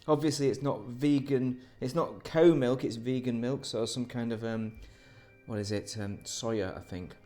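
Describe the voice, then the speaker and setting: A man's voice: mid-range voice, unhurried, dark tone, faint music behind. A man casually reviewing a sweet on camera, rambling and self-interrupting, with dry, sardonic asides.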